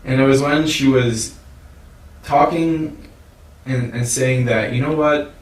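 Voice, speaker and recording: A man's voice: medium pitch, slow. Earnest male co-host, roomy sound. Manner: earnest, reflective, repeats words as he thinks. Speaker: podcast co-host. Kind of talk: casual chat. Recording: roomy sound from a distant mic.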